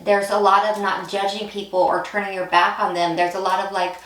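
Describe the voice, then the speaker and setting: A woman's voice: mid-range voice, little pitch movement, fairly quick, a bit bright, echoey room, far from the mic. A woman giving a pick-a-card tarot reading, talking in a loose, intuitive way with many restarts. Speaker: tarot reader.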